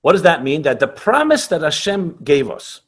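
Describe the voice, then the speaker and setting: A man's voice: on the high side, very animated, normal speed, slightly rough. A middle-aged man, a rabbi, teaching teens in an online class and answering questions, speaking with passion and emphasis and sprinkling in Hebrew and Yiddish terms. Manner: passionate, emphatic, repeats himself.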